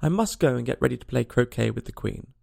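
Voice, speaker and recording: A man reading aloud and voicing a rough, bossy noblewoman who chants her lines harshly. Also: mid-range voice, lively intonation, fast talker, a little mellow. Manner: harsh, sing-song and bossy.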